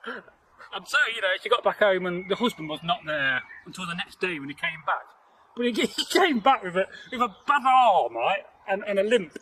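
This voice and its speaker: Animated and high-pitched, a storyteller host tells a folktale outdoors in nature at a moderate pace. He rambles, cracks jokes and keeps saying "you know," with background noise in the recording.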